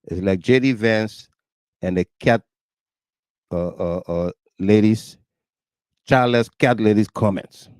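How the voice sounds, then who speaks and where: A Liberian man narrates over video footage in an urgent, indignant tone, repeating his points for weight. His delivery is slow and deliberate, and the recording sounds close and dry. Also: fairly low pitch, a little mellow, smooth, no echo. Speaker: host commenting on video clips. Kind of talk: talk-show commentary.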